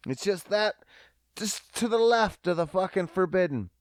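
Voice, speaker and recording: A young man rants alone on his podcast, profane and rambling, often laughing at his own jokes. His voice is fairly high and leaps all over the place. The sound is dry and close. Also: expressive, normal speed, dry recording. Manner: profane, rambling, self-mocking. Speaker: podcast host. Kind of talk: solo comedic podcast rant.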